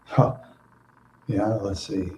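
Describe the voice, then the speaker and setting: A middle-aged man talks in a loose, rambling way, chuckling often as he drifts through asides. His voice is dark and mellow. The room around him is echoey. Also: lowish voice, flat delivery, takes it slowly, slight background noise. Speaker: streamer answering viewers. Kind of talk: casual rambling chat.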